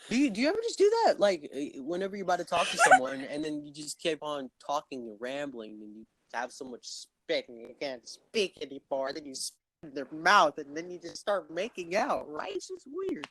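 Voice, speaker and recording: A man hosting a podcast in loud, rambling, stuttery casual chat, swearing often. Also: on the high side, animated, normal speed, few pauses, slight background noise. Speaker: podcast host.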